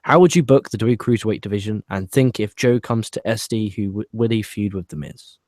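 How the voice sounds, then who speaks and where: A low-pitched British man chatting on a wrestling podcast. His voice is close and dry, with no room around it. He reads viewer comments aloud and tosses off wry, dismissive remarks. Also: fairly quick, a little mellow, dry recording. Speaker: podcast co-host. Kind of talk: casual wrestling podcast chat.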